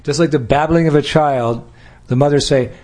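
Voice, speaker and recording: A man's voice: fairly high pitch, moderate pace, darkish tone. An older American man giving a devotional talk, playful, acting out little scenes and laughing along. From United States. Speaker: spiritual teacher.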